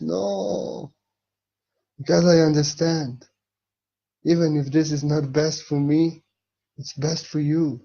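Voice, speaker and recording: A man giving a spiritual monologue with a husky voice, speaking emphatically and swinging between soft and loud. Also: fairly high pitch, steady tone, slow pace, long pauses, highs cut off. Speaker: spiritual teacher.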